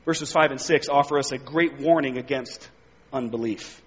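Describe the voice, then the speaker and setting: A man's voice: medium pitch, normal speed, husky. A man preaching a sermon, reading scripture aloud and pressing his points with emphatic rises. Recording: dull sound with long hall reverb.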